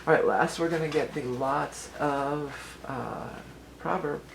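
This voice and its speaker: A woman's voice: low-pitched, slow, vocal fry, background noise. A woman giving a casual tarot and astrology reading for her viewers, chatty and rambling, often restarting her sentences and laughing easily.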